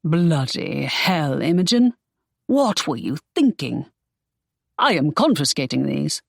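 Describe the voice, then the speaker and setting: Reading an audiobook slowly in a deep, creaky voice with a breathy edge, a woman gives a heavily acted, very animated performance in clean studio sound with no room sound. Her character is a secretive pirate, a young man who is stern, brusque, and curtly scolding.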